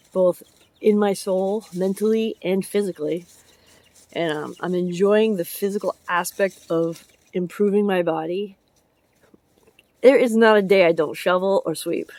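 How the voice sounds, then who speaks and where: Fairly low in pitch and a little mellow, this woman's voice comes through a dry recording. She's a vlogger and public works truck driver chatting casually about her chickens and driving dump trucks, wandering between topics and laughing frequently.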